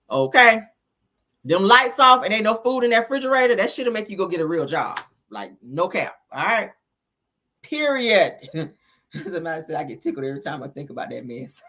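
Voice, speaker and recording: A sassy, blunt woman hosts a loose commentary chat, cursing freely and chuckling as she goes. Her bright, forceful voice swings up and down with lively pitch. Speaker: host.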